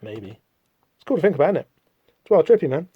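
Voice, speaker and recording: A man's voice: on the high side, sing-song, fast talker, breathy edge, no room sound, phone-quality sound. A man hosting a casual solo podcast, rambling through a comic book with self-deprecating, apologetic asides. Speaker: podcast host.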